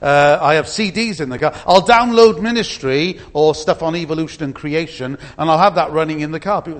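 A man's voice: fairly high pitch, fairly quick, hardly any pauses. A middle-aged man gives an informal church talk with slides, chatty and full of anecdotes, asides and restarts. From Britain. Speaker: speaker at a church meeting.

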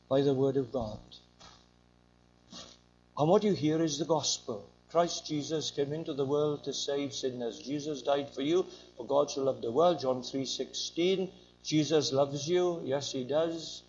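A man's voice: fairly high pitch, a little mellow. An older man preaching a sermon in an emphatic, rising and falling way. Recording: dull lo-fi recording.

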